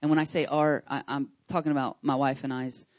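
A pastor in his thirties makes church announcements during a service, talking fairly quickly in a mid-range voice with no echo. He's chatty and excitable, rambling with lots of fillers and restarts.

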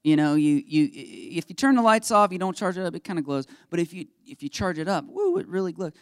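Man, pastor, high voice, very dry sound, animated storytelling sermon. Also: fairly quick, smooth, no echo. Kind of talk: casual sermon. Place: church sanctuary under stage lights.

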